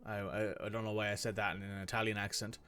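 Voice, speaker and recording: A man's voice: lowish voice, completely flat delivery, racing, sharp tone, clean tone, dry recording. A man casually commenting as he plays a football management game, thinking aloud and reacting to the match. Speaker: gaming streamer. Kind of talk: casual let's-play commentary.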